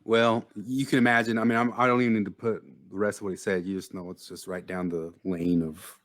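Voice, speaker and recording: A man's voice: on the low side, little pitch movement, fairly quick. A man co-hosting a casual podcast panel, leading the discussion in a laid-back way and agreeing with his co-hosts. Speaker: podcast co-host.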